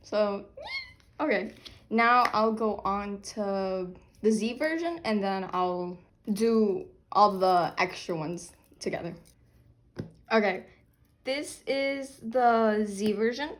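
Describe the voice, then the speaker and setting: A young woman chatting casually while unboxing albums, excitable and quick to squeal and laugh. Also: medium pitch.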